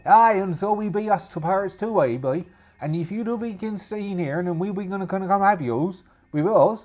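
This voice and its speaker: A man's voice: sits high, normal speed, a little mellow, voice pushed up, lightly acted. A man voicing a territorial rival pirate leader who threatens. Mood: threatening. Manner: muddled pirate dialect, threatening, repetitive.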